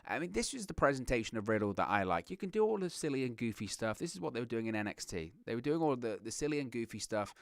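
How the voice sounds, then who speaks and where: A man's voice: mid-range voice, fast, creaky, few pauses, no room sound. Rambling man, dry close mic. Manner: rambling, animated, self-interrupting with restarts. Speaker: wrestling reaction host. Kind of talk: casual solo commentary.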